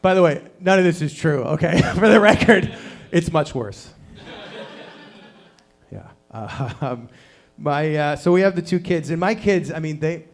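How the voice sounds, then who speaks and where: A man in his thirties doing a deadpan stand-up set at a small open mic, acting out quotes with big jumps in pitch. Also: unhurried. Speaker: stand-up comedian. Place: small performance venue.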